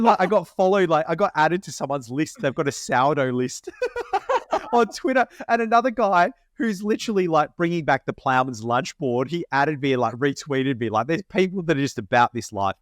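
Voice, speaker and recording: A man co-hosting a podcast, telling an animated story in casual, slangy chat. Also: medium pitch, dry recording, studio quality. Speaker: podcast co-host.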